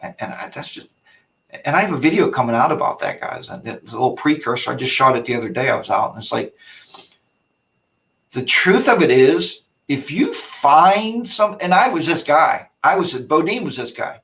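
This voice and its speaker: A man hosting a laid-back live stream, rambling from one tangent to the next and ranting as he answers viewer comments. His voice sits a little on the high side, and he sounds somewhat distant from the microphone. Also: big pitch swings, normal speed, sharp tone. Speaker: host of a motorcycle chat show. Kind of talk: casual live-stream chat.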